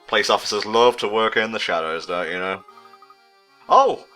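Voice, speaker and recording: Give me a man with a bright, forceful voice doing casual game commentary over faint music. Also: on the low side, moderate pace. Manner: jokey, reads puzzle options aloud. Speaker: let's play commentator.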